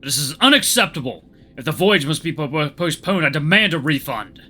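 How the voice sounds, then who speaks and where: A man's voice: high voice, very animated, quick pace, bright, forceful tone, pitched above the performer's own voice, exaggerated voice. A man voicing a furious, pompous male bull passenger who bellows his demands. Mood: outraged.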